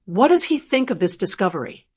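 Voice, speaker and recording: A pushy newspaper reporter fires off quick, sharp questions, voiced by a woman reading the story. His voice is clipped and insistent. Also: mid-range voice, big pitch swings, slightly rough. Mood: pressing.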